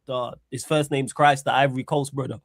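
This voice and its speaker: A man's voice: mid-range voice, fairly even intonation, a little fast, no echo, studio quality. A man, talking football casually as co-host of a podcast, chatty and rambling. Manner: chatty, rambling, often restarts.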